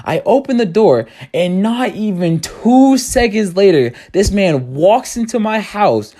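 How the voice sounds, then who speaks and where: A young man telling comedic storytime anecdotes, animated and jumping to high yelps at the punchlines. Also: unhurried.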